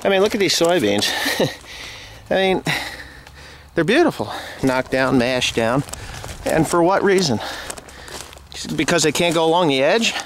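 A furious farmer with a New Jersey accent rants out in his soybean field, swearing constantly. His voice sits a little high for a man. Light outdoor noise runs faintly under the handheld recording. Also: expressive, measured pace, pauses often. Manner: furious, profane ranting. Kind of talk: angry vlog rant.

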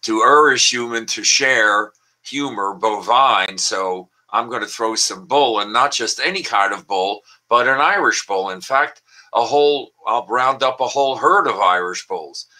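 A man's voice: mid-range voice, unhurried, pushed and bright, poor audio. An older man in casual chat over a video call, telling puns and jokes with lots of filler words. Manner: chatty, with frequent filler words and pun-laden asides. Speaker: language columnist and guest. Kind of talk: casual online wordplay talk.

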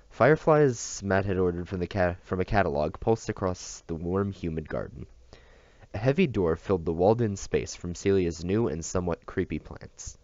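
A man reading a novel aloud at a steady pace, with small slips and restarts, on a dull, dry recording. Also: low-pitched, no echo. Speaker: audiobook reader.

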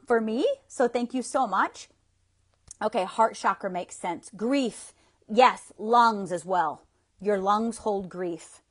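A woman's voice: mid-range voice, a bit bright. Chatty woman hosting a tapping livestream. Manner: chatty, affectionate, rambling with restarts. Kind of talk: casual livestream coaching. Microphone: phone.

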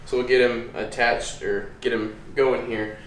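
A man's voice: medium pitch, level tone, a little slow. A man hosting a casual how-to video at home, talking in an easygoing, rambling way with plenty of fillers. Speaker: dog trainer, channel host. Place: indoors at home by a hallway. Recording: echoey room, faint room noise.

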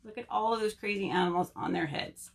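A woman librarian leading a virtual story time, reading a picture book aloud and chatting to young children in an animated way. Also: medium pitch, gravelly, background noise. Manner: animated, slow, talks to children.

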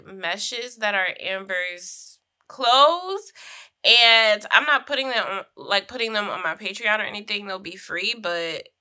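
A woman's voice: medium pitch, sharp tone. A young woman giving casual, chatty commentary while playing a life-sim game, with slangy asides and frequent laughs. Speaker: gaming streamer. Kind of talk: casual Sims gameplay commentary.

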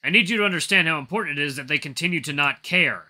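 A blunt, weary wolf chief lays out his case in a firm, lecturing tone, as a man reads his lines. The voice is bright and fairly high for a man, with a piercing edge. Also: very fast. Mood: stern.

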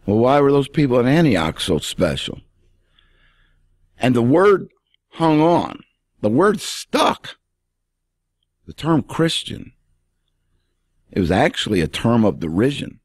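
A man's voice: medium pitch, big pitch swings, slow pace, pauses often, no room sound. A male pastor preaching an emphatic radio sermon and speaking straight to the listener.

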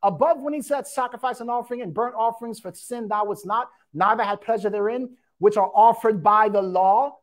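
A woman's voice: a little high, brisk, few pauses. A woman preaching a sermon, reading scripture aloud and explaining it, with frequent emphatic asides. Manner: emphatic, repeats "watch this".

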